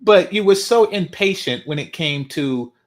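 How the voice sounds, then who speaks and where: A man's voice: high voice, expressive, a little slow. A man reacting to a video, mocking and emphatic, repeating his points for effect. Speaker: reaction commentator.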